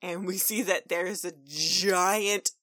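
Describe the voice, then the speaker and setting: A woman co-hosting a casual recap chat, animated and slipping into silly character voices. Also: on the low side, slow, no room sound, clean studio sound. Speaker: podcast co-host recapping a cartoon.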